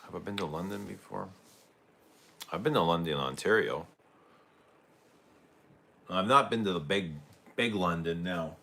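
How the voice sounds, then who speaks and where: Male livestream host, deep and bright-toned, chatty with viewers. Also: measured pace, vocal fry, long pauses. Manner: chatty, greets viewers and reads their comments aloud. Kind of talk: casual livestream chat with viewers.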